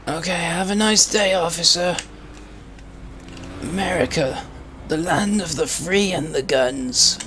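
A man voicing a tired, confused old British gentleman with a strained throaty voice, slow and genteel in a game role-play. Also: a little high, a little hiss or hum, voice pushed up. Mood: polite, befuddled. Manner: slow, genteel, addresses officers formally.

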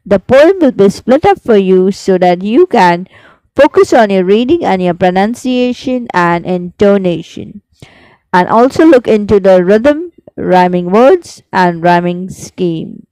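A woman teaching a poetry recitation lesson, speaking very slowly and deliberately. Her voice is smooth and clear, and the recording is dry and close, with no room sound. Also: mid-range voice, animated, dark tone, dry recording, low-quality recording. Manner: slow, careful, rhythmic recitation.

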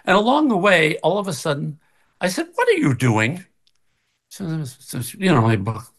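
An older actor, a guest on a video call from his home kitchen, tells a casual anecdote, laughing often and performing the voices of people he quotes. His voice is fairly high, very animated, a bit bright, at normal speed.

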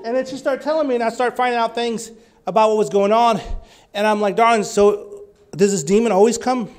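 A male preacher giving a sermon, telling healing stories and rising to loud, fervent exclamations. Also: very high-pitched, brisk.

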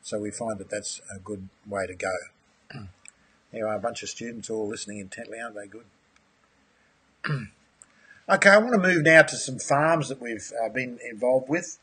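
A man's voice: medium pitch, moderate pace, long pauses, a bit bright, husky. A man presenting a live aquaponics webinar, friendly and enthusiastic, answering viewers' questions and calling them mate. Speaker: aquaponics course instructor.

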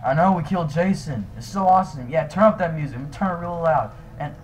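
A young man voicing his own character in a fan-made game drama, excitable and swinging between shouting and nervous mumbling. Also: fairly high pitch, fast, few pauses, faint music behind, low-quality recording. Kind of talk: improvised fan machinima dialogue.

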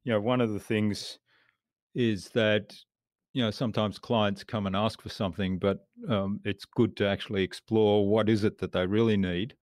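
A man's voice: lowish voice, fairly even intonation, normal speed, a little mellow, no echo, studio quality. A man hosting a business podcast, thoughtfully summarizing his guest's points with some fillers. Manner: reflective, summarizing, uses fillers. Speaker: podcast host. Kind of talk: interview.

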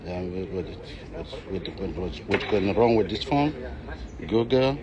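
A man from Equatorial Guinea speaking halting, hesitant English with many fillers while chatting with a stranger on a city street. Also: deep voice, lively intonation, dull audio, crowd noise. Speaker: passerby. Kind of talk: casual street conversation.

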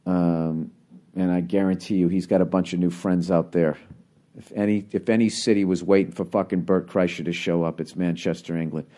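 A man's voice: low-pitched, steady tone, brisk, warm tone. A man signing off a podcast segment with casual, mocking, profane banter. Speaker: podcast host.

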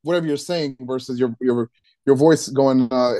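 A man's voice: mid-range voice, fairly even intonation, warm tone, no echo. Male wedding DJ/MC, casual podcast guest, stop-start delivery, dry studio sound. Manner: halting, with many restarts and repeated words. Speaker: wedding DJ and MC giving advice.

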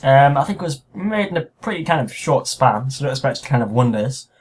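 A man's voice: mid-range voice, big pitch swings, fairly quick, husky. A man hosting a let's play, joking crudely and swearing as he plays. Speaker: gaming video host.

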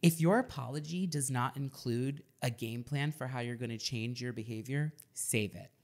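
A woman's voice: a bass voice, moderate pace, darkish tone. A woman co-hosting a casual chat podcast, blunt and emphatic and swearing freely. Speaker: podcast host.

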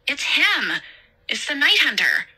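A woman's voice: high-pitched, huge pitch swings, measured pace, bright, forceful tone, pitched above the performer's own voice, full character voice, poor audio. A woman reading a story aloud and voicing a timid young coworker who pleads and whines in fear. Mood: scared. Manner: fearful, pleading, whiny.

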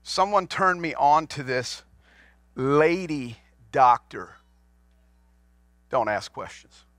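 A man's voice: fairly high pitch, expressive, takes it slowly, fairly bright tone, no room sound, clean studio sound. A man in his forties, a pastor, preaching a sermon to his congregation in a folksy storytelling way, asking them questions as he goes. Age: 40s. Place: church sanctuary.

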